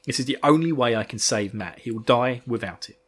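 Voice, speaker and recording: A man voicing an anxious young hero who frets in a rushed, worried way. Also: medium pitch, fairly bright tone, lightly acted.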